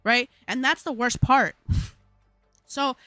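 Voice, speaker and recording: Bright-voiced young woman streamer. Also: high-pitched, slow, dry recording, soft background music. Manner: slangy, animated, laughs often. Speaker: livestream host. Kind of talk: casual storytelling on a live stream.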